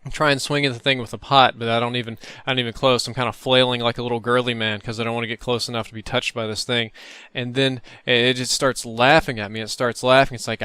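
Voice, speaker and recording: A man host telling a dream story over gameplay in an animated, profane way. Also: medium pitch, quick pace, clear, resonant tone, no echo, studio quality. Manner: animated, profane, vivid retelling. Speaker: gaming channel host.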